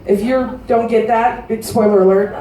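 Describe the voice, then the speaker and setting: A woman in her thirties doing a crude stand-up comedy set, delivering brash, deadpan punchlines to a live audience in a large casino showroom. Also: a little high, normal speed, recorded from a distance, heavy background noise. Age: 30s. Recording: roomy live-venue recording from afar.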